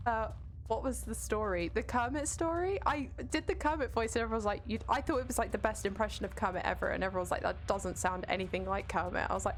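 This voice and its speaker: A woman's voice: medium pitch, fast, a little hiss or hum. A young Scottish woman casually commentating a video game stream, chatty and swearing now and then while she answers her chat.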